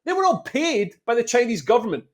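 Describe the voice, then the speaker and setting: A man's voice: very high-pitched, sing-song, a little fast. A man, co-hosting a comedy podcast and arguing his point with frequent restarts and swearing. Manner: sweary, argumentative, restarts a lot. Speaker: podcast co-host. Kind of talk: casual comedy podcast chat.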